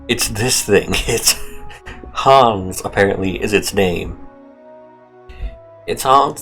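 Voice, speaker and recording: A man's voice: fairly low pitch, a bit bright. Wry, joking male gaming narrator. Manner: joking, wry asides, laughs. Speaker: gaming video host. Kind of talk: comedic playthrough narration.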